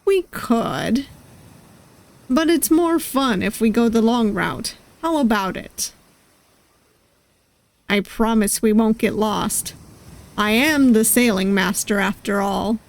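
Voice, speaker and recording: A woman voicing a charming, flirty male pirate sailing master in a visual novel, with a gentle, reassuring manner and a loose attempt at a pirate accent. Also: fairly high pitch, slow, gravelly, long pauses.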